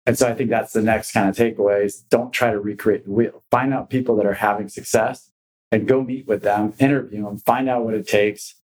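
A man's voice: fairly low pitch, brisk, rough recording. A man, a commercial real estate broker, telling stories as a guest on a podcast and acting out the people he quotes. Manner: animated storyteller acting out quoted voices. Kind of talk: podcast storytelling.

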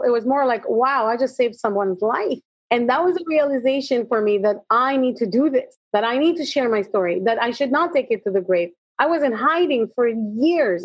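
A woman's voice: fairly high pitch, breathy edge, no echo. A middle-aged woman, a motivational speaker, telling her personal story as an interview guest and acting out the dialogue. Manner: animated storytelling, acts out dialogue. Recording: dull lo-fi audio.

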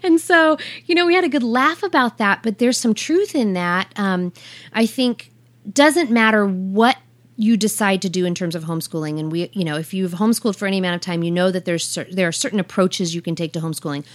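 A woman's voice: mid-range voice, fairly quick, dry recording. A chatty woman co-hosting a casual podcast, telling family stories with frequent giggles. The sound is dry and close, with no room around her voice. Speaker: podcast co-host. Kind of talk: casual chat.

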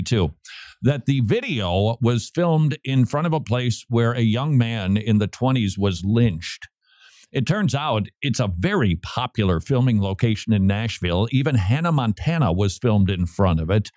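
A man hosting a talk radio show, giving animated commentary and teasing his co-host. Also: medium pitch, dry recording. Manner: animated, teasing, reads lyrics aloud.

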